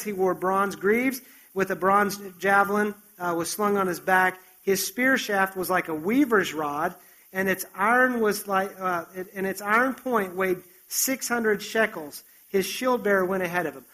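A man preaching a sermon, retelling a story with animated, conversational asides. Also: high-pitched, low-quality recording.

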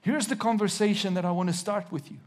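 A man preaching a sermon to a congregation in a church, reading scripture slowly and with emphasis, putting questions to his listeners and joking now and then. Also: high voice, fairly even intonation, darkish tone.

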